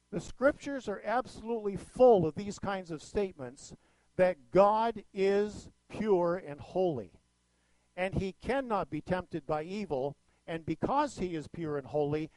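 A middle-aged man preaching a sermon as pastor, telling a family story with lively swings in pitch and loudness. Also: measured pace, no room sound, rough recording.

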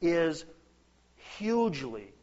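A man's voice: a little high, very animated, very slow, darkish tone. A man preaching a sermon, earnest and emphatic, building points through lists. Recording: dull lo-fi sound.

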